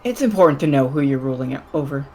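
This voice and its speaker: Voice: mid-range voice, animated, darkish tone, slight background noise, close to an everyday voice, poor audio. Someone playing a wry, teasing queen mother. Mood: musing. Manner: dry, teasing, unhurried. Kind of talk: tabletop role-play.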